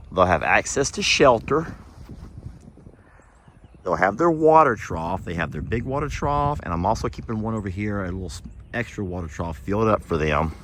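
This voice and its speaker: A man's voice: on the low side, a bit bright, a little hiss or hum. A man, telling folksy stories in a rambling, chuckling way while working outdoors at his horse barn. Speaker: ranch vlogger. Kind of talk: casual storytelling while doing chores.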